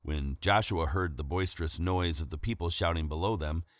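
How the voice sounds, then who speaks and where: A man preacher reading scripture aloud in a measured way, then explaining it in a sermon. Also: deep voice, no room sound, clean studio sound.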